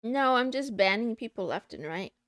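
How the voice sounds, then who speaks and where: A woman's voice: on the high side, animated, normal speed, a bit bright, dry recording, clean studio sound. A woman streaming from her desk at home, chatting casually and playfully and teasing her chat. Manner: playful, teasing chat, meowing between remarks.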